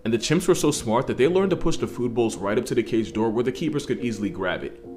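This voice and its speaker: A man telling viewers a story, animated, with jokey asides. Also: medium pitch, quick pace, faint music behind.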